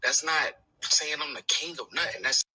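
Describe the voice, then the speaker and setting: A man's voice: fairly high pitch, moderate pace, sharp tone, a little hiss or hum, rough recording. A young man, a rapper, talking bluntly and defensively in street slang, played from a video.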